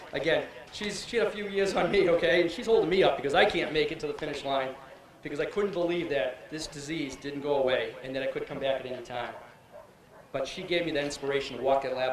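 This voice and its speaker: Man, survivor speaker, rambling storyteller, fairly high voice, very echoey outdoor PA sound. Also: far from the mic. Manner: rambling, animated storytelling with many restarts. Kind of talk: personal story at a public ceremony. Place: outdoor event with a crowd.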